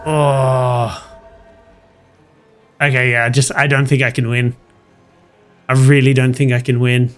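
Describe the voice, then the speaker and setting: A man's voice: mid-range voice, normal speed, soft background music. A man hosting a gaming channel, casually commenting on his matches and telling stories from work. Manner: chatty, animated anecdote-telling over gameplay.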